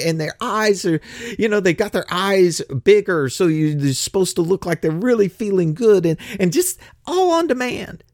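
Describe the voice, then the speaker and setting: A man's voice: high-pitched, no echo, clean studio sound. An older man, giving a blunt, grumpy monologue that swears freely and acts out other people's voices. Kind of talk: ranting monologue.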